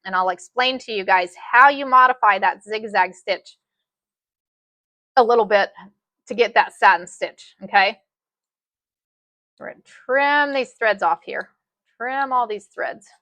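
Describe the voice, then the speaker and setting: A woman's voice: a little high, measured pace, long pauses, pushed and bright, no room sound. A woman teaching a live sewing tutorial, chatty and folksy, often saying "y'all.". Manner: chatty, says "y'all" a lot. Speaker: sewing instructor.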